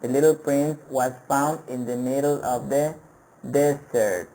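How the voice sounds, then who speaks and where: Slow-talking male English teacher. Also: medium pitch, steady tone, dark tone, poor audio. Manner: patient, repeats words for pronunciation drills; hesitant with many fillers and restarts. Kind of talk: online vocabulary lesson.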